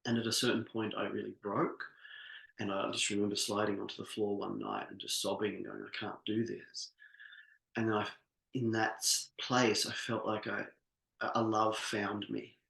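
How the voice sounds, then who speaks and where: A middle-aged man coaching a live workshop, earnest and heartfelt, who often stops and restarts his sentences. His voice sits fairly low. The room has a noticeable echo. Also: level tone, moderate pace, gravelly, fairly bright tone. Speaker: business coach. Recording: echoey room.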